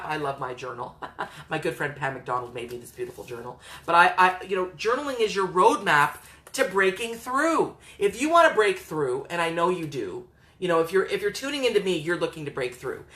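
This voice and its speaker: Bright-voiced woman coaching earnestly. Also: low voice. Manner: earnest, encouraging, acts out quoted voices. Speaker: psychotherapist and coach. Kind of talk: motivational talk to camera.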